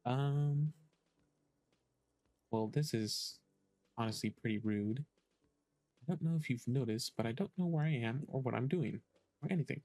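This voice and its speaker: A man's voice: medium pitch, unhurried, long pauses, mellow, dry recording. Male streamer, casual game commentary, hesitant, thinks aloud, dry mic. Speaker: gaming streamer. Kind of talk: casual let's-play commentary.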